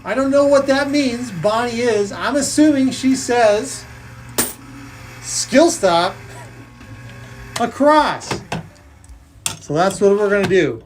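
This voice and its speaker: A woman's voice: fairly high pitch, animated, slow pace, pauses often, a little mellow, slight background noise, low-quality recording. A woman hosting a live coin-pusher game stream, calling plays and tallying scores in a playful, jokey way. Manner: playful, jokey, counting totals aloud. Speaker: live game show host. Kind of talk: live-stream play-by-play commentary.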